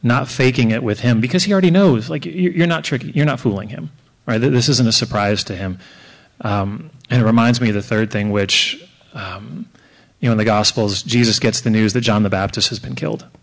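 A man's voice: mid-range voice, fairly quick, creaky. A man on a church Q&A panel who lays out his points in order, thoughtful and lightly humorous. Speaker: church panelist, men's group leader. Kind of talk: panel discussion.

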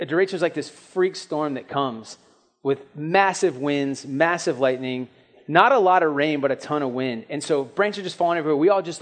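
A young man preaching a sermon in a casual, storytelling way, acting out quick asides and questions. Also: on the high side. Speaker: pastor.

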